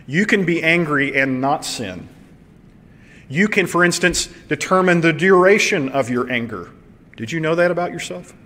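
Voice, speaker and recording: A man's voice: fairly high pitch, normal speed. Preaching man in a reverberant hall. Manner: animated, conversational preaching with rhetorical questions. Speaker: pastor. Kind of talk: sermon.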